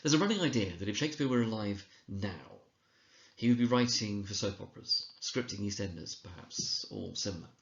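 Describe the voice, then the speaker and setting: A man giving a recorded lecture, explaining in a measured way and reading quoted lines slowly and dramatically. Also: lowish voice, lively intonation, gravelly, fairly bright tone, reverberant, muffled recording. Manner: explanatory, measured, with occasional slips and restarts. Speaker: teacher trainer.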